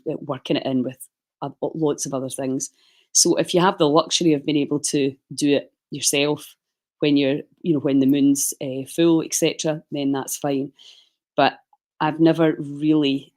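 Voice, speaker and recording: A middle-aged woman giving casual, rambling livestream advice as a fasting and wellness coach, often correcting herself mid-sentence. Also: rumbling low, warm tone. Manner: chatty, rambling, self-correcting.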